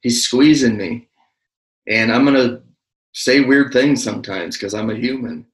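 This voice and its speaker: A man's voice: mid-range voice, measured pace, roomy sound, rough recording. A man co-hosting a casual faith podcast, speaking in an earnest, reassuring and plainspoken way. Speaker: podcast co-host.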